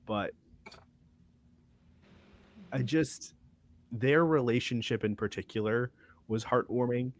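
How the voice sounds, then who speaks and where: A man's voice: mid-range voice, slow pace, long pauses. A man guesting on a casual book discussion over a video call, thinking aloud with many restarts. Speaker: guest reviewer.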